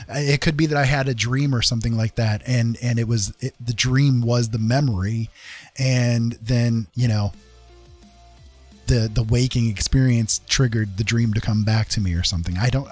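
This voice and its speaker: Earnest, halting male streamer. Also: lowish voice. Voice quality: earnest, gentle and reassuring. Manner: halting with many fillers and restarts. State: getting a little emotional. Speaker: live streamer. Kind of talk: casual live-stream chat.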